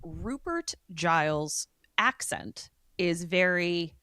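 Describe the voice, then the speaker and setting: A woman's voice: lowish voice, animated, takes it slowly, sharp tone, clean tone, no room sound, clean studio sound. A woman co-hosting a podcast, chatty and jokey, often trailing off and restarting as she talks. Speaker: podcast co-host. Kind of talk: casual chat.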